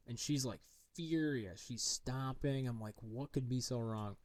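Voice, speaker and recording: A man in his thirties telling a story on a casual podcast, acting out the voices of the people in it. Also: unhurried. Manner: animated storyteller, acts out his daughter in a high voice. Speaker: podcast co-host. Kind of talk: casual chat.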